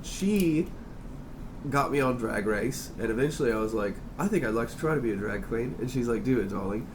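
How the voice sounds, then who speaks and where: A man's voice: mid-range voice, expressive, brisk, noisy background. A man hosting a podcast as a drag performer, casual and chatty, swearing freely and calling people darling. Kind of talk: casual interview chat.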